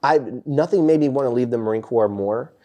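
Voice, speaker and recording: A man hosting a casual podcast, telling crude, animated stories with loud acted quotes. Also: mid-range voice, brisk. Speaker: podcast host, former Marine. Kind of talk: casual chat.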